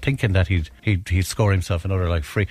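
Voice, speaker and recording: A man's voice: deep voice, fairly even intonation, fast, a little mellow, dry recording. A middle-aged Irish man co-hosting a radio show, telling long chatty stories with plenty of restarts and corrections. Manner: rambling, self-correcting anecdotes. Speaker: radio co-host. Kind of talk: casual storytelling chat.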